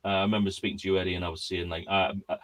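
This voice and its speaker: A man's voice: low voice, level tone, very fast, fairly bright tone, lo-fi sound. A man hosting an online quiz, chatting casually and telling a rambling story with lots of fillers and restarts. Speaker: quiz host. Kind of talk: casual chat.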